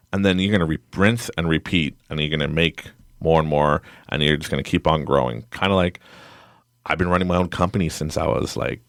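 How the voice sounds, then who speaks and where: A man hosting a podcast in casual interview chat, a rambling, animated storyteller who laughs often. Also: very deep voice, moderate pace, dry recording, studio quality. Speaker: podcast host.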